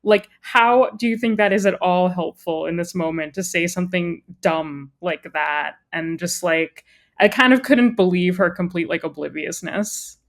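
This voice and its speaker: A woman's voice: on the low side, normal speed. A woman co-hosting a podcast, chatting casually with a wry, critical take on a show. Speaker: podcast co-host. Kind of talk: casual chat.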